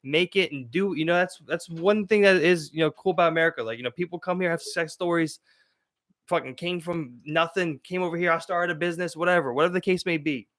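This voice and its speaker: A man from Baltimore with a local accent, co-hosting a podcast, talking in halting casual chat and tagging "bro" onto lines. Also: on the high side, fairly bright tone. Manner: cuts in, repeats "listen" and "bro", halting. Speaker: podcast co-host.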